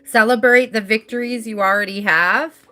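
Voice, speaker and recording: A woman talks through a live tarot reading in a loose, rambling, chatty way, laughing easily. Her voice is bright and clear. Soft music plays faintly behind her. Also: fairly high pitch, fairly even intonation, moderate pace. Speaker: tarot reader.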